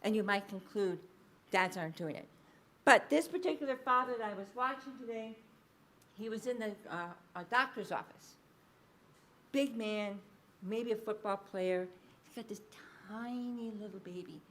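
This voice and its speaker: A woman giving a public lecture as a researcher, explaining findings in a lively storytelling way, with frequent ums and uhs. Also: medium pitch, moderate pace, a little hiss or hum. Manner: lively anecdotal storytelling, acting out quoted speech.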